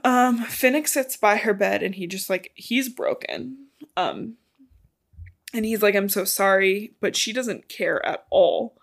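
In a casual book recap, a female podcast co-host retells a novel's plot conversationally, with an occasional swear word. She speaks a little slowly, her medium-pitched voice gravelly and expressive.

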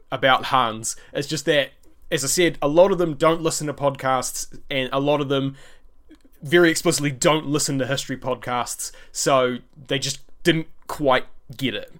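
A man's voice: medium pitch, moderate pace, fairly bright tone. Young New man, podcast host, casual rambling solo chat, mid-range voice. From New Zealand. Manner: rambling, many fillers and restarts. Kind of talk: casual solo podcast, answering listener questions.

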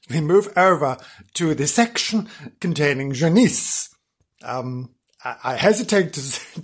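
A man's voice: mid-range voice, breathy edge. Hammy Welsh man telling spooky tales. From Wales. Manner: hammy, drawn-out, mock-spooky with sighs and chuckles. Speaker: host. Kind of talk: comic spooky storytelling.

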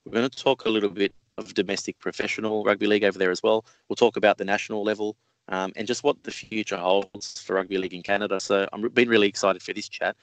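A man's voice: lowish voice, a bit bright, no echo, rough recording. A man hosting a podcast interview, introducing and questioning his guest in a friendly, teasing way. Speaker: podcast host.

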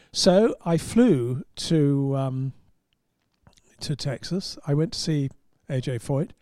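A man's voice: fairly high pitch, expressive, slow, mellow, dry recording, clean studio sound. An English man, a motorsport journalist, telling wry, rambling anecdotes with restarts in casual podcast talk. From England.

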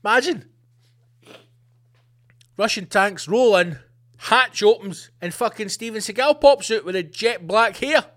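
Guy ranting on his podcast, sweary and sarcastic, highish voice. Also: measured pace, long pauses, fairly bright tone. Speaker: podcast host. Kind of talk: ranting comedic monologue.

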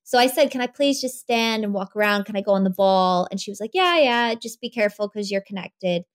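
A young woman, a podcast guest, telling her birth story in an animated way, laughing often. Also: medium pitch, a little fast, clear, resonant tone.

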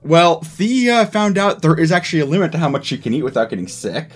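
Lively joking male game master. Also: a little high, fairly quick. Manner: chatty, joking, trailing off with fillers. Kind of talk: casual tabletop game chat.

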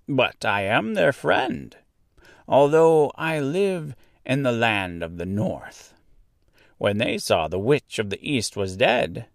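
A man doing a calm little old witch woman. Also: mid-range voice, vocal fry, no echo, clean studio sound, full character voice. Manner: calm, gently laughing. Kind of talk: storybook reading.

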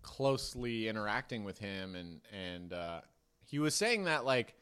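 A man's voice: fairly low pitch, big pitch swings, unhurried, fairly bright tone, smooth. Rambling man in casual chat. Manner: rambling, lots of fillers and quoted voices.

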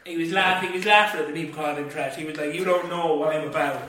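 A man's voice: on the high side, fast talker, sharp tone, a little hiss or hum. Jokey man on an echoey distant mic. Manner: jokey, teasing. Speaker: podcast co-host. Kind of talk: casual football chat.

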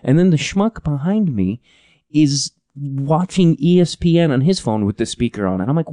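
A man in his thirties hosts a comedic podcast monologue, griping about everyday annoyances in a profane, rambling way. His voice is mellow and relaxed, recorded dry and close with no room sound. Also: on the high side, moderate pace, no room sound. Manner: profane, exasperated, rambling with restarts. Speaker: podcast host.

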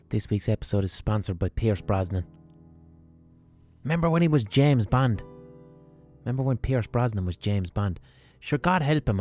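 A man's voice: medium pitch, warm tone. Sweary, rambling Limerick man. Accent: Limerick, Irish. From Ireland. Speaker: podcast host. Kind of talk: comic monologue.

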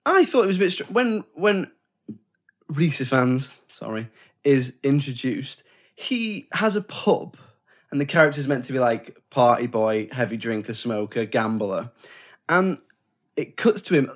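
A man's voice: mid-range voice, animated, moderate pace. Guy on a film podcast, rambly, restarts a lot, does little voices for quotes. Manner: rambling, self-correcting, acts out quoted lines. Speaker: podcast co-host. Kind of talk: casual film discussion.

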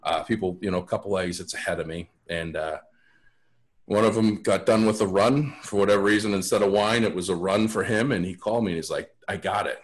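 A podcast guest who writes about sales tells casual stories in a low voice, a little fast. His delivery is blunt and frank, and he often starts sentences over.

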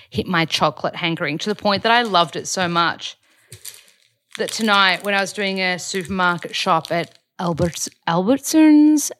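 A woman's voice: on the low side, pushed and bright, no room sound. A young woman chatting casually in a rambling way about her routine for a video diary. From Australia. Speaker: vlogger and podcaster. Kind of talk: casual chat.

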